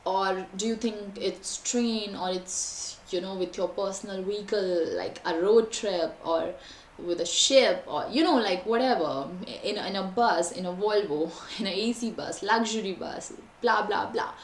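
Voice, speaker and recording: A young woman teaching an online exam-prep lesson, with lively, varied intonation and frequent fillers. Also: mid-range voice, a little slow. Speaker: IELTS teacher. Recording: echoey room, faint background noise.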